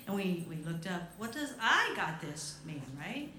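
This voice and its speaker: A woman's voice: mid-range voice, very animated, normal speed, noisy background. A woman co-leading a church talk, playful and affirming, speaking to a congregation. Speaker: co-minister. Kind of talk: sermon talk. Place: church sanctuary. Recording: roomy hall sound.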